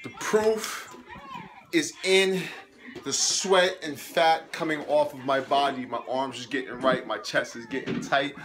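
A man's voice: mid-range voice, noisy background. A young man vlogging at home after a hard workout, sweaty and tired, talking in an upbeat, chatty, motivational way as a fitness coach. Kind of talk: casual motivational vlog. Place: home living room.

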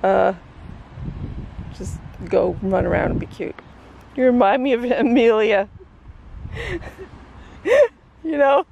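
A woman's voice: mid-range voice, animated, takes it slowly, gravelly, long pauses, a little mellow, highs cut off. A middle-aged woman filming her daughter out in a field, talking in a playful, teasing way and humming silly beeps. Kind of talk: casual chat while filming. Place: outdoors in a field. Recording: noisy outdoor camera audio.

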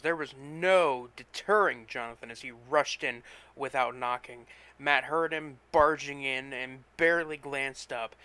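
A man reading a short story aloud with plain, steady storytelling. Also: mid-range voice, smooth. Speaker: narrator, story reader. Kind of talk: story narration.

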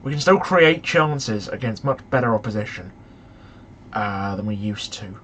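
A young man commentating on a football management game, excitable and shouting at the match in frustration. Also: lowish voice, normal speed, breathy edge. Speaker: gaming YouTuber.

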